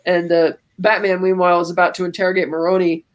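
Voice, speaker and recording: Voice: mid-range voice, flat delivery, fast. A podcast co-host retelling a movie scene by scene in a casual, rambling way. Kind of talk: casual film recap.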